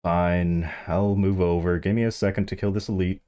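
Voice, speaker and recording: A man's voice: sits low, normal speed. A man streaming a game, chatting casually and animatedly to the players with him. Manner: animated, yelps and laughs, chats to other players.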